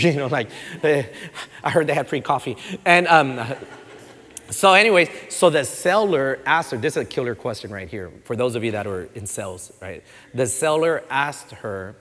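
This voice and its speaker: A man preaching a sermon as pastor, animated and conversational, slipping Spanish words into his talk. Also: on the high side, a little fast. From Texas. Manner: animated, conversational preaching with frequent fillers and acted quotes; mixes in Spanish words and phrases. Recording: long reverb of a church hall.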